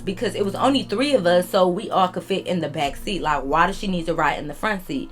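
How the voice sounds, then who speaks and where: A woman's voice: lowish voice, a little fast, few pauses, a bit bright, soft background music. A young woman telling a storytime vlog to her viewers, chatty and rambling, full of slang, calling them y'all. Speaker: YouTube storyteller.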